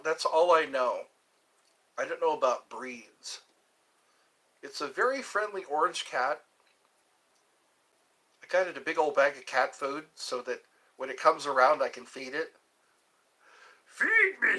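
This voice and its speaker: A man's voice: on the high side, pushed and bright, slightly rough. A man hosting a rambling live stream from his phone, cracking jokes and answering viewers' questions. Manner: jokey, reads viewer questions aloud and answers them. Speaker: livestream host.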